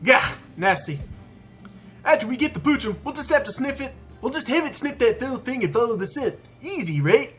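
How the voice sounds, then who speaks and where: A man's voice: extremely high pitch, very animated, moderate pace, a bit bright, faint music behind, voice pushed up, exaggerated voice. A man doing a folksy drawling townsman. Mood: scheming. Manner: drawling old-timey rural accent, put on. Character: folksy, chatty male townsman.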